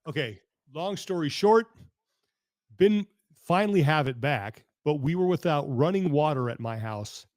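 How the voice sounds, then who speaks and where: A man hosting a podcast over a video call, telling a story in an animated, exasperated way that keeps breaking off and restarting. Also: fairly high pitch, dry recording, studio quality. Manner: animated, exasperated rambling with self-interruptions. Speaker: podcast host. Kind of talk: casual storytelling chat.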